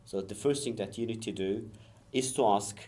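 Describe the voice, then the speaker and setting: A man with a clear Turkish accent hosts a school podcast as the English teacher. He asks his students questions in an encouraging, careful way, pushing each word out one by one. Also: on the low side, normal speed, mellow. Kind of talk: casual podcast interview.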